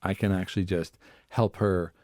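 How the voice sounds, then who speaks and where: Telling personal stories in a relaxed podcast conversation, this family therapist occasionally imitates how others in them sounded. His low voice stays steady and a little mellow at a moderate pace, and the close recording carries no room sound.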